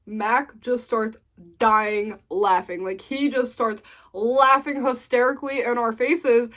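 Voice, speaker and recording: A young woman with a fairly high voice tells a story at an unhurried pace. She acts out the quotes as she goes, in a lively storytime vlog. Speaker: vlogger.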